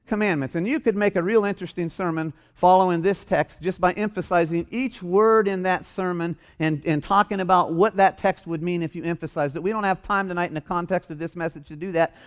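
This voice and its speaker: A man preaching a sermon in a church, stressing and repeating his key phrases. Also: sits high. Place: church hall.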